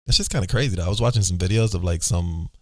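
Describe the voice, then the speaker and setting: A man's voice: deep voice, racing, no room sound, studio quality. Loose-talking man hosting a podcast. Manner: loose, rambling talk full of restarts. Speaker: podcast host. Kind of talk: casual chat.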